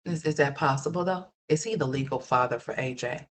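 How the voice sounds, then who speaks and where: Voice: medium pitch, a little fast. A livestream host giving ranting gossip commentary, blunt and profane, repeating points and talking straight to viewers.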